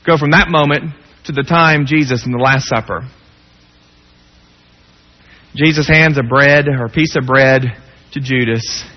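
A man preaching a sermon, dropping to hushed low tones and rising to raised pleading. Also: measured pace, long pauses. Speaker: pastor. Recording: dull lo-fi sound with long hall reverb.

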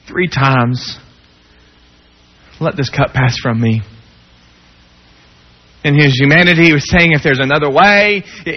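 A man preaching a sermon, dropping to hushed low tones and rising to raised pleading. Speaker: pastor. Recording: dull lo-fi sound with long hall reverb.

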